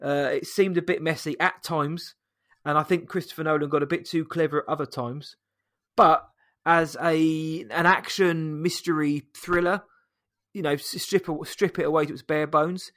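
A man in a casual film review chat, measured and critical in his opinions. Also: fairly high pitch, fairly even intonation, a bit bright.

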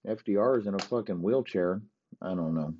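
A man's voice: sits low, a little fast, muffled recording, slight background noise. A man hosting a podcast, ranting profanely in a rambling comic monologue. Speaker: podcast host. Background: dogs barking.

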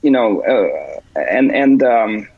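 Male podcast guest, husky, halting delivery, dull dry recording. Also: on the low side, very animated, no room sound. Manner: halting, full of "you know" fillers and restarts. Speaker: interview guest, software developer. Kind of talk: casual interview.

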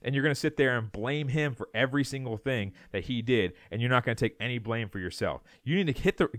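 A man's voice: mid-range voice, animated, quick pace, a bit bright, dry recording. Fired-up man ranting about football. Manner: fired up, repeats words, mocks others in put-on voices. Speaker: podcast co-host. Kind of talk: heated sports rant.

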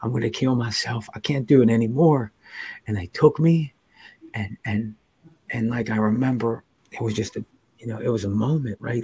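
A man telling his own recovery story as a podcast guest, earnest and halting, with many restarts and dips to near whispers. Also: medium pitch, dark tone, husky. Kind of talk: personal storytelling in an interview.

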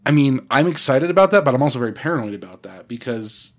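A man's voice: mid-range voice, animated, fast. Male podcast guest, casual and wordy, restarts often. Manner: rambling, with restarts and fancy words. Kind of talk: casual gaming podcast chat.

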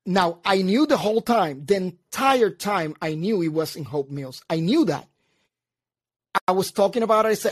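A man telling a story in casual chat, animated, acting out both sides and laughing at himself. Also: high voice, normal speed, husky, no echo, clean studio sound.

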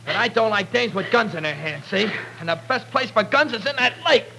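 A man's voice: high voice, lively intonation, fairly quick, vocal fry. A man playing a scrappy, cocky young tough guy who talks street slang, in 1940s radio acting. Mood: defiant. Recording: old radio recording with faint hiss.

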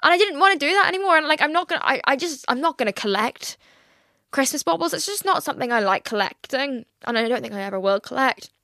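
Young woman, podcast host, candid and rambling, swears a lot, teary, higher voice, dry close sound. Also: expressive, fast talker, pushed and bright, no echo. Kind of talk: casual solo podcast chat.

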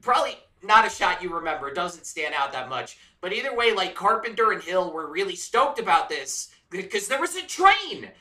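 A man's voice: high voice, animated, fairly quick, few pauses, pushed and bright, recorded from a distance. A man chatting casually on a movie podcast, laughing between his points. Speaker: podcast co-host. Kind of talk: casual film discussion. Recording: roomy sound, off-mic.

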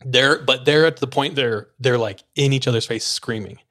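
A man spins a story in a relaxed, chatty way. His voice sits in a middle pitch, and he throws himself into the telling, acting out voices and breaking into laughs. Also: normal speed. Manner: animated, acts out quoted voices, laughs while telling. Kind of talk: casual storytelling.

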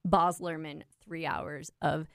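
A woman co-hosting a podcast, chatting casually and wryly about films in an animated way. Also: low voice, takes it slowly, dry recording, studio quality. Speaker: podcast co-host. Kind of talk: casual film review chat.

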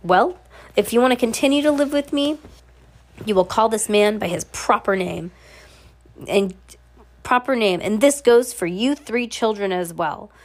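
A woman's voice: medium pitch, lively intonation, unhurried, long pauses. A woman with a cold voicing a vain, wealthy guardian who talks in a haughty, bossy and impatient way. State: has a cold, scratchy throat.

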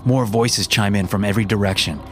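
A man narrating a first-person horror story in a tense, measured way. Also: fairly low pitch, steady tone, slight background noise.

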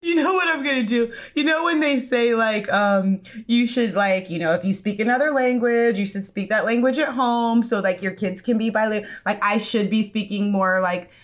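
An American woman co-hosting a podcast, telling stories in an animated, fast casual chat that is full of "like.". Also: on the high side. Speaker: podcast co-host.

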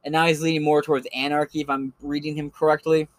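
A man's voice: fairly high pitch, flat delivery, fast talker, no room sound. A man doing casual solo commentary on his podcast, talking in a rambling and profane way with lots of fillers. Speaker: podcast host recommending creators.

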